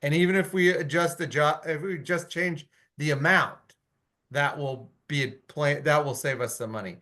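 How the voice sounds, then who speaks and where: A man on a town committee arguing his point in a meeting, animated and blunt, with frequent restarts. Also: on the high side, normal speed. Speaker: committee member. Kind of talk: meeting discussion.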